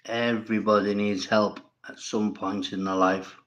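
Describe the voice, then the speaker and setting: A man's voice: lowish voice, level tone, unhurried, a bit bright, dull audio. A man hosting a casual livestream, reading viewers' comments and answering them bluntly, with plenty of swearing and rambling. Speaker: livestream host.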